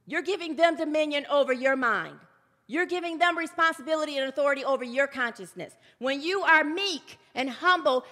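High bright-voiced woman preaching in a hall. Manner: emphatic, calls for congregation response. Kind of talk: sermon. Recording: long hall reverb.

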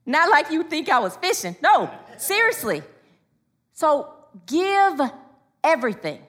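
Woman preacher in church, high bright voice, pushes the crowd to answer back. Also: big pitch swings, a little slow. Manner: call-and-response with congregation, emphatic. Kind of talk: sermon.

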